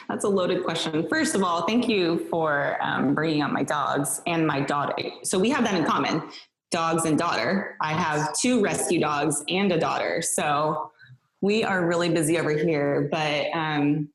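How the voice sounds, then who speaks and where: Rich: A bubbly woman chatting as a new podcast host, laughing easily and restarting her thoughts. Her voice sits a little low for a woman. The room around her is roomy and echoey. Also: unhurried. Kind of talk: casual interview chat.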